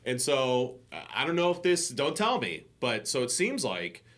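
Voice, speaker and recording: A man co-hosting a casual podcast chat, telling stories in an animated way and acting out what people said. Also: medium pitch, moderate pace. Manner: animated storyteller who acts out quotes and laughs often. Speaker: podcast co-host and voice director.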